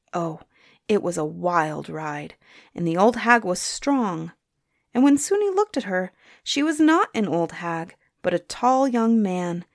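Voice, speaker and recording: A woman telling a folktale aloud in a lilting, expressive way, letting line endings trail off softly. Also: fairly low pitch, creaky, dry recording, clean studio sound. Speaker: storyteller. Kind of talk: folktale storytelling.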